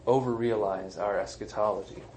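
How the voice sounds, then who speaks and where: Male pastor, lowish voice, conversational and emphatic sermon delivery, faint noise floor. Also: steady tone, fairly quick, darkish tone, low-quality recording. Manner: conversational, emphatic, self-deprecating asides. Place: church sanctuary.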